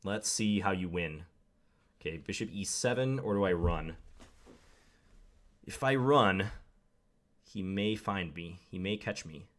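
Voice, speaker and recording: A man's voice: low voice, animated, unhurried, pauses often. A young man commenting live on his own game, thinking aloud with wry, self-deprecating asides. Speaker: chess commentator.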